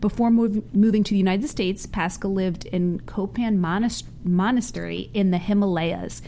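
A woman's voice: mid-range voice, fairly even intonation, normal speed, gravelly, dark tone, slight background noise. Chatty woman talk show host. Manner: chatty, laughs easily, restarts. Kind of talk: casual chat and read introduction.

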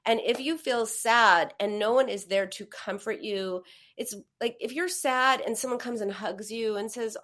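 A woman's voice: medium pitch, normal speed. A middle-aged woman hosting a live advice conversation, talking in a reassuring way and acting out comforting words. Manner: warm, reassuring, acts out comforting quotes. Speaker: host and therapist.

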